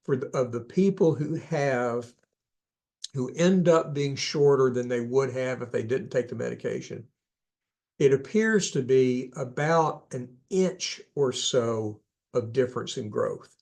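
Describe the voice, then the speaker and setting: A man with a gravelly, slightly creaky voice talks through a clinical topic in a loose, conversational lecture. He corrects himself mid-sentence and throws in casual asides, keeping the tone of a clinician explaining things to parents. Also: mid-range voice, a little slow, a little mellow. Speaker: speaker on ADHD, clinician.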